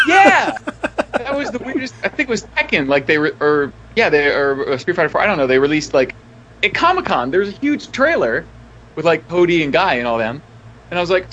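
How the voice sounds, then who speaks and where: Guy voice actor cracking jokes on a podcast, laughing nonstop, voice bouncing all over, bit high. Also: brisk, lo-fi sound, slight background noise. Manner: jokey, animated, laughs constantly. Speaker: voice actor guest. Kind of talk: casual chat.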